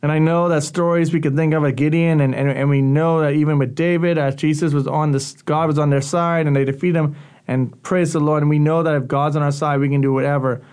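Youth pastor guy, kinda high voice, chatty earnest sermon talk. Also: fairly even intonation, fairly quick, darkish tone, smooth. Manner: conversational, earnest teaching.

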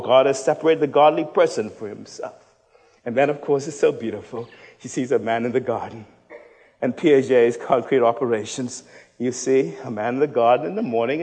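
A Bahamian man preaches a sermon in a fairly high voice that rises and falls dramatically. He shouts some passages and drops others to a hush, joking with the congregation along the way. His voice carries a long reverb from the hall. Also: breathy edge. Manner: animated, swings from loud shouting to hushed tones, joking with the congregation. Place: church hall.

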